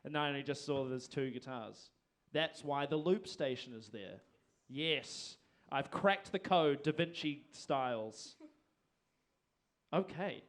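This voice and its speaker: A man's voice: mid-range voice, takes it slowly. A man, hosting a live music event on a handheld mic, rambling and self-deprecating. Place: performing arts venue stage. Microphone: handheld microphone.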